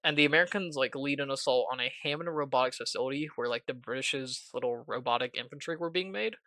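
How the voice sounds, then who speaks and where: A man talks through a casual video-essay recap with a bright, forceful voice, rambling and cracking jokes. He fills his sentences with filler words. The sound is dry and close. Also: mid-range voice, quick pace, no echo. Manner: rambling, jokey, heavy use of filler words. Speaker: student.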